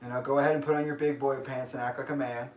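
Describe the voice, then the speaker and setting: A man's voice: medium pitch, little pitch movement, quick pace, a little mellow. A young man hosting a casual livestream, rambling and grumpy, laughing often. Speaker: livestream host. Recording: echoey room.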